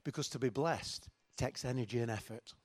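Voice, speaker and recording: A man's voice: medium pitch, brisk. A middle-aged man preaching a sermon in a chatty, joking, self-mocking way. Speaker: pastor.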